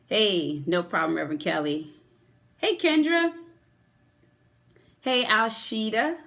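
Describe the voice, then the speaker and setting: A woman's voice: medium pitch, slow pace, vocal fry, a bit bright. A middle-aged woman and former therapist hosting a live-streamed motivational talk, effusively greeting viewers by name before her topic. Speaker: host of a motivational livestream. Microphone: phone camera.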